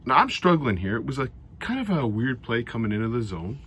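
A middle-aged man giving a casual recap of a hockey game, animated and sarcastic, often exasperated. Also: medium pitch, brisk, husky. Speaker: hockey fan commentator.

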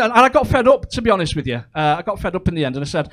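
A man's voice: high-pitched, very fast, hardly any pauses, fairly bright tone. A man performing a crude, chatty stand-up comedy set, full of ums and asides. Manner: chatty, crude, with frequent fillers.

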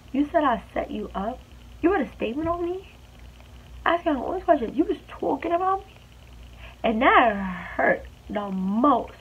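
Young woman vlogging, dull lo-fi sound. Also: high-pitched. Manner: emphatic, indignant storytelling. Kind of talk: storytime vlog. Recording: dull lo-fi audio with faint hiss.

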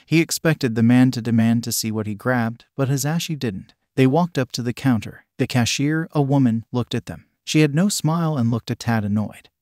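A man narrating a story in an even, steady reading voice that speaks ellipses aloud as words. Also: mid-range voice, no echo, studio quality.

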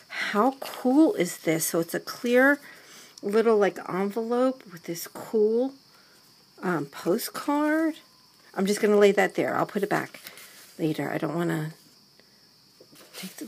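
Woman vlogger, slow-talking, gravelly, husky, gushing craft unboxing on a handheld camera. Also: medium pitch. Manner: gushing, gasping, breaks into soft whispers. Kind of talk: excited unboxing chat to camera. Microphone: handheld camera mic.

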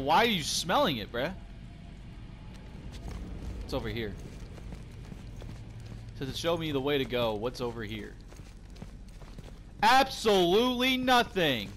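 A man's voice: on the high side, very animated, slow pace, long pauses, fairly bright tone. Chatty young man with a cough drop. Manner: chatty, joking, swears freely. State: cough drop in his mouth. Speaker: gaming channel host. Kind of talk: casual let's-play commentary. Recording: game noise and ambience behind the voice.

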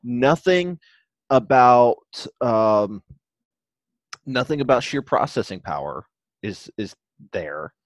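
A man co-hosting a casual podcast, talking in a middle pitch. He rambles, circles back and restarts sentences as he works out his point. His voice is close and dry, with no room sound. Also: lively intonation, slow, pauses often, no echo. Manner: rambling, restarts and trails off mid-thought. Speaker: podcast co-host.

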